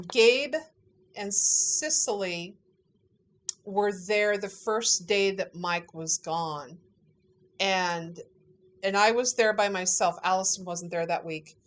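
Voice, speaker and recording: A woman in casual conversation, recalling family events in a chatty, animated way and laughing often. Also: mid-range voice, a little hiss or hum. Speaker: family member recounting a parent's final weeks.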